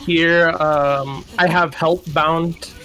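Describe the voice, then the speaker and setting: Man explaining his play, a bit high. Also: fairly even intonation, extremely slow, pushed and bright, faint music behind. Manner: casual, hesitant, explains own habits. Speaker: player being coached. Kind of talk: casual talk in a coaching session.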